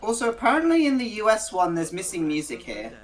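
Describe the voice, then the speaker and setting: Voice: medium pitch, huge pitch swings, fast. A speaker in a casual commentary chat, blunt and sweary.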